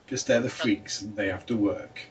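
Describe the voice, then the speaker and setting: A man's voice: lowish voice, fairly even intonation, brisk, recorded from a distance, muffled recording. A man in a casual film discussion, explaining points in a matter-of-fact way. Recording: off-mic with faint room noise.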